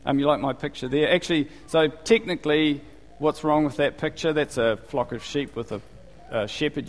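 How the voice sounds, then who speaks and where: A New Zealand man with a matching accent preaches a conversational sermon, chatty and casual, asking the congregation questions. His voice is fairly high, his pace moderate, and the recording carries a hall's long reverb.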